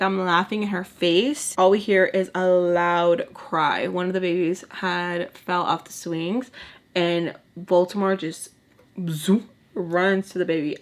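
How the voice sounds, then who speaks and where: Animated young woman telling a story. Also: fairly low pitch. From Texas. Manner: animated, blunt, heavy swearing, lots of "like". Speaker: storytime vlogger. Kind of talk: casual storytime.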